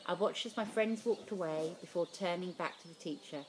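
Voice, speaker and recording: A woman teacher reading a novel aloud, lively and giving the characters voices of their own. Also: lowish voice, normal speed, a little hiss or hum. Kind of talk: storybook read-aloud.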